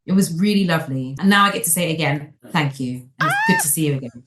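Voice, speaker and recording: A woman's voice: deep voice, lively intonation, fast, echoey room, over loud music. A woman guest in a chat interview, speaking earnestly and reassuringly, often repeating herself. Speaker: guest performer.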